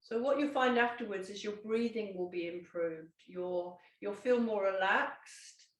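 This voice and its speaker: A woman, a Pilates instructor gently guiding a seated exercise, with calm instructions and small self-corrections. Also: mid-range voice, a little slow, distant mic. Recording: echoey room, voice off-mic.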